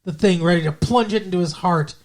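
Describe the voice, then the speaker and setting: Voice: mid-range voice, brisk, a little mellow. A podcast co-host casually retelling a TV episode, rambling with lots of filler words. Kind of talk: casual recap chat.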